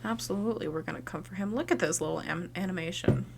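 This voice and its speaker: A woman streaming a game playthrough, talking softly and emotionally. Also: on the low side, quick pace, vocal fry, noisy background. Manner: soft, emotional, hushed. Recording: loud game music behind.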